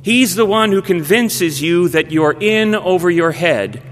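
Slow high-voiced man preaching in a hall. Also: expressive, a little hiss or hum. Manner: measured, dropping to a hushed voice at phrase ends. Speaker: pastor. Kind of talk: sermon storytelling. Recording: long reverb of a large hall.

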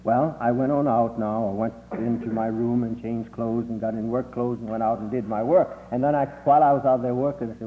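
An older man recalling childhood memories in a halting way, with many filler sounds, lifting his voice when he quotes people. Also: fairly even intonation. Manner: halting, with frequent 'uh' fillers; acts out quoted voices with rising pitch. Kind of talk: oral history reminiscence. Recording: tinny lo-fi recording with faint hum.

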